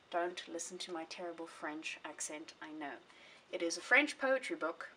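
A woman's voice: on the low side, moderate pace, few pauses, pushed and bright. A young woman vlogging about her books in a rambling, chatty way, often correcting herself mid-sentence. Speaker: book vlogger. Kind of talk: casual chat. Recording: voice a bit distant from the mic, faint hiss.

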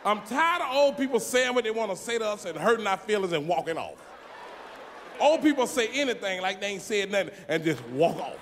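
A man with a strikingly high voice performs stand-up comedy in a big theater, loud and often shouting his punchlines into a handheld mic. A large crowd roars around him, and the live recording carries plenty of noise. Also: animated, fairly quick.

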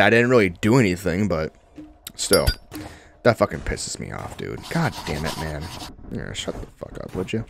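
A man's voice: deep voice, gravelly, noisy background. Cursing young man playing horror games. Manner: profane, exasperated, talking to himself. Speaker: gaming channel host. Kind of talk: casual horror game commentary.

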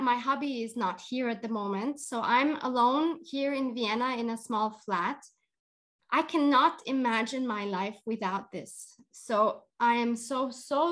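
A woman's voice: a little high, a bit bright. A woman hosting a podcast, talking in an earnest, emotional way with frequent restarts. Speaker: podcast host. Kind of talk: heartfelt casual chat.

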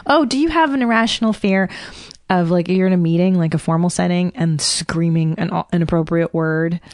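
A woman speaks candidly as a podcast guest, animated and quick to laugh. Her voice is lower-pitched for a woman. The recording is dry and close. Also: no echo. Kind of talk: casual podcast conversation.

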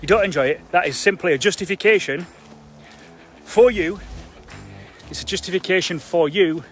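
A man's voice: high voice, normal speed, soft background music. Blunt man coaching live. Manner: blunt, emphatic, conversational with fillers. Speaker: construction trainer for property investors. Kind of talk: live-stream coaching talk.

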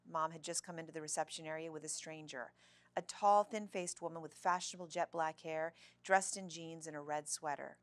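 A woman reading a children's chapter book aloud at a clear, steady pace. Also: deep voice, fairly quick, dry recording. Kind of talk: storybook read-aloud.

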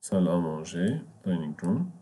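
A man whose first language is Arabic teaches a beginners' language class in English. His voice sits low and mellow. He is patient, repeats each word and spells it out letter by letter. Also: big pitch swings. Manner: patient, repetitive, spells out words slowly. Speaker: French teacher. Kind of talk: explaining a language lesson.

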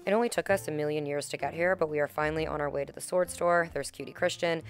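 A woman's voice: low-pitched, fairly even intonation, fast, heavy background noise. A woman hosting a casual vlog from a car, talking with a Valley Girl lilt. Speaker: vlogger host. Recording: loud background music.

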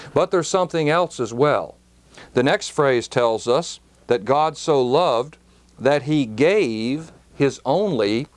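A man teaching a Bible study in a measured, emphatic way, speaking straight to the listener. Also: medium pitch. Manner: slow, measured, emphatic phrasing; addresses the listener directly.

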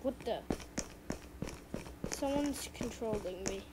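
Woman, gameplay commentary, excitable, panicky repeated cries, unhurried, loud noise behind. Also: a little high. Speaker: gamer.

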